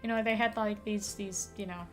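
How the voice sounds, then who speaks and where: A woman's voice: medium pitch, fairly even intonation, fairly quick, soft background music. A woman who is not a native English speaker, chatting casually and rambling as a streamer while playing a puzzle game, with lots of fillers, casual swearing and laughter.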